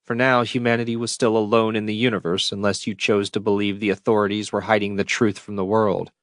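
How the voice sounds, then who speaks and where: A man narrating a science fiction audiobook in a steady, measured read into a close mic. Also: lowish voice, no room sound. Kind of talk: scripted narration.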